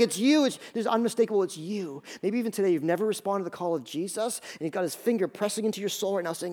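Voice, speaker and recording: Male pastor, higher register, emphatic sermon delivery, acts out quoted lines. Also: very fast, few pauses, darkish tone. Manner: emphatic preaching with repeated phrases.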